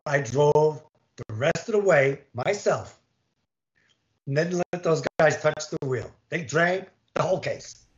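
Older male ex-umpire with a lively storytelling manner who acts out the dialogue; dull video call audio. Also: on the high side. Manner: animated, acts out quoted dialogue. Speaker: former baseball umpire. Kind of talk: storytelling in an interview.

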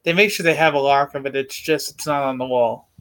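A man co-hosting a casual sports podcast, explaining things in a relaxed way with fillers. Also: medium pitch, brisk. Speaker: podcast co-host.

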